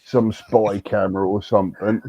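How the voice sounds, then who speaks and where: A man telling an animated, swearing story on a livestream chat, full of restarts. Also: lowish voice, normal speed, dry recording, muffled recording. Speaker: livestream host. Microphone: livestream setup.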